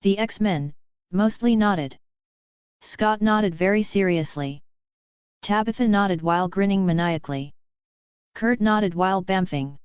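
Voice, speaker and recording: Audiobook lady narrator, calm steady read, smooth tone, kinda dull audio. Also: lowish voice, dry recording.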